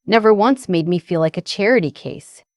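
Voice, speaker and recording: Gentle grateful young woman, voiced by a woman, low-set and confiding, dry close sound for an audio drama. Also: lively intonation, normal speed, dry recording. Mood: tender. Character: young woman, soft-spoken, grateful and tender.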